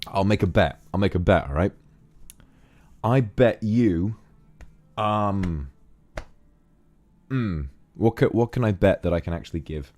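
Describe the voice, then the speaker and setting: Very deep-voiced male streamer. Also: moderate pace, darkish tone. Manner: affectionate, calls viewers darling. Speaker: streamer reading viewer donations. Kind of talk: casual livestream chat.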